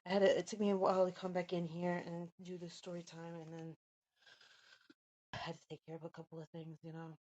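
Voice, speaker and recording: A woman reads a first-person novel aloud for her storytime podcast. Her voice sits low and sounds soft and mellow. She keeps it informal and chatty, stumbling now and then and setting herself straight. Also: little pitch movement, brisk, dry recording, muffled recording. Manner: chatty, laughs and corrects herself while reading. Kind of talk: casual reading aloud of a novel.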